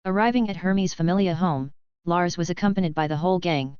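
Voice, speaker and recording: A woman narrating a novel in a steady, even reading style. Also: on the low side, fairly quick, clean tone, no echo. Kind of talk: scripted audiobook narration. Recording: dull dry lo-fi recording.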